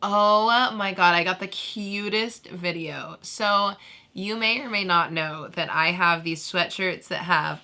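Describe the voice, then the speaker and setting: A woman's voice: low-pitched, bright, forceful tone. A young woman co-hosting a podcast in casual chat, talking loosely with many "like" fillers. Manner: chatty, lots of "like" fillers. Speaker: podcast co-host.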